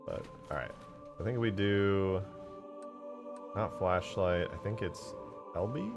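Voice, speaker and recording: A man streaming from home into a desk microphone, thinking aloud in a relaxed, rambling way as he plays and mods a game. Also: low-pitched. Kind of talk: casual livestream commentary.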